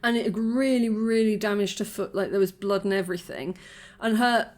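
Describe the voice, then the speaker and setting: A woman's voice: medium pitch, a little fast, a little hiss or hum. A woman in her forties talking casually to camera, chatty and reflective, often laughing and restarting her sentences. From United Kingdom. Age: 40s. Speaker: vlogger.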